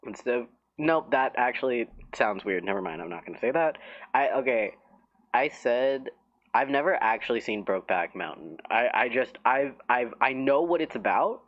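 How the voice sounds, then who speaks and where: A man's voice: mid-range voice, animated, normal speed, dull audio. A man hosting a casual live stream, rambling in a giggly, self-mocking way.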